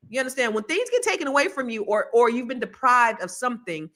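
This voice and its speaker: A woman hosting a podcast, talking in a casual, animated monologue full of asides and storytelling. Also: a little high, fast. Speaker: podcast host.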